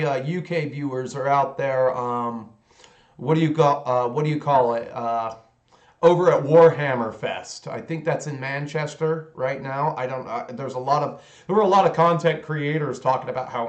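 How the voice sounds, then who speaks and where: A man hosting his own hobby channel who rants in an opinionated, sarcastic way and rambles with many fillers. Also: a little high. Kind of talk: casual ranting vlog while painting miniatures. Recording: roomy echo.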